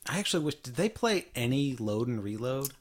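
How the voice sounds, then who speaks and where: A man's voice: mid-range voice, sing-song, fairly quick. A man co-hosting a podcast in casual chat, making wry joking asides and laughing easily. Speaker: podcast co-host.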